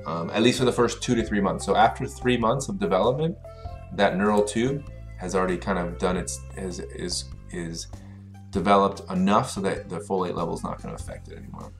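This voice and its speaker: A man, a teacher, chatting casually on a live stream and greeting viewers by name in a relaxed way. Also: low-pitched, a little fast, soft background music.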